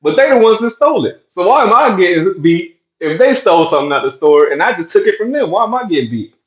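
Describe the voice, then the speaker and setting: A man imitating his six-year-old self, a scared little boy in a high, whiny voice pleading his case. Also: very animated, fast talker, reverberant, muffled recording.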